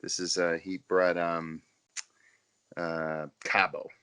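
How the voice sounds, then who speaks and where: Low-ish bright voice, guy rambling over drinks, pitch bouncing all over. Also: slow pace, clean tone. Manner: animated, rambling, with many fillers and restarts. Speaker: podcast co-host. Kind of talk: casual chat over drinks.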